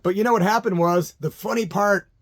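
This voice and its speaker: Middle-aged man, slightly high voice, casual storyteller, laughs a lot, imitates people in quotes. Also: brisk. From Illinois, USA. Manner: laid-back, laughs often, acts out voices in quotes. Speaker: vlogger telling a personal story.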